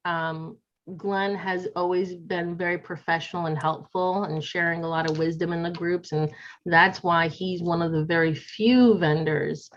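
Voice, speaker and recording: A woman's voice: fairly low pitch, fairly even intonation, unhurried. A woman hosting a casual video interview, chatty and full of fillers. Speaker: host of a Medicare agent group. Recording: dull lo-fi audio.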